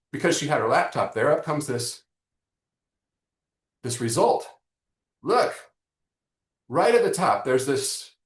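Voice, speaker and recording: A man hosting a live online marketing lesson, joking and talking straight to his audience in an animated way. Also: on the high side, echoey room. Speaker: webinar host.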